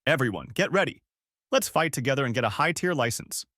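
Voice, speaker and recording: Hotheaded party leader guy, man voicing him, loud blustery shouting, pitch jumping all over. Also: animated, a little fast, dry recording, studio quality. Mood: rallying.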